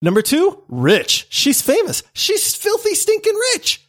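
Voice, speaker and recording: A male podcast host in casual banter, his pitch swinging widely as he jokes and argues his picks. He laughs easily and keeps an animated, playful delivery. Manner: animated, jokey, quick to laugh.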